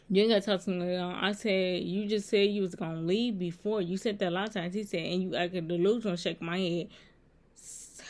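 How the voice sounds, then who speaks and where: A woman vlogging a casual storytime at home. She retells a text-message exchange line by line, switching back and forth between what he said and what she said. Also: lowish voice. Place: indoors at home, with a laptop nearby.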